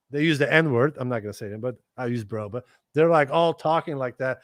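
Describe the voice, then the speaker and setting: A middle-aged man spins casual stories as a guest, with loose swearing and quick impressions of the people in them. His voice sits at an average pitch and sounds close and dry. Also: dry recording. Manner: animated, swears casually, acts out other people's lines. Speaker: guest musician. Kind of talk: casual storytelling chat.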